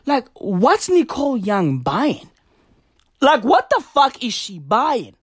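A young woman doing a comedic rant, loud and manic, swearing a lot and swinging between shouts and mutters. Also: fairly high pitch, huge pitch swings, slow pace. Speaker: comedic vlogger.

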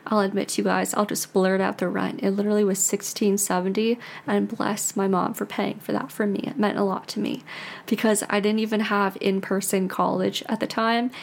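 A woman's voice: medium pitch, level tone, moderate pace, vocal fry. An American woman in her twenties, a podcast host, talking in a rambling, confessional way with many "like"s and restarts. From United States. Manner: chatty, rambling, heavy use of "like", frequent restarts. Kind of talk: casual confessional monologue.

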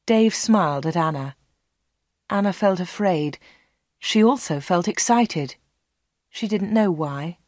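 A woman reading a storybook for learners aloud, slow, clear and measured. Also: lowish voice, expressive, a little mellow, no echo, clean studio sound. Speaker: narrator.

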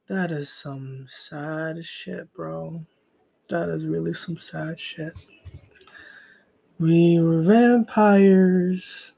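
A man's voice: a little high, very slow, creaky, long pauses, mellow. A young man hosting a solo podcast, talking in a profane, rambling way and trailing off into mutters. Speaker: podcast host. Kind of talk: casual solo podcast rant.

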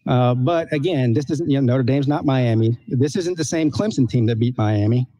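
A man's voice: mid-range voice, normal speed, dark tone, no echo. Hesitant man in casual sports chat. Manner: hesitant, lots of fillers and restarts. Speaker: sports podcast co-host.

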